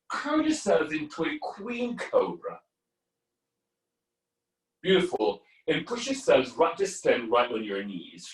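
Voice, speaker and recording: A man teaching a live online yoga class, giving calm guiding cues to his students. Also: on the high side. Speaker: yoga instructor. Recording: echoey room from far off.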